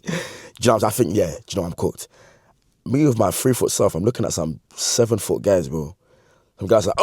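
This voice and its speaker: A man in his twenties with a London accent, telling a funny story from his youth in slangy, animated talk that he breaks up with laughs. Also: on the low side, brisk, slightly rough, no room sound, studio quality. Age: 20s. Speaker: vlogger. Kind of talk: comedic storytime.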